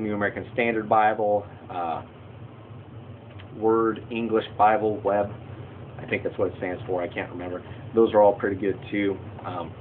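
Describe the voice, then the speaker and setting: A man's voice: lowish voice, phone-quality sound, a little hiss or hum. A man teaching casually to camera, opinionated and prone to rambling rants, gesturing with his hands as he talks. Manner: talks with hand movements. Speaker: Christian video host.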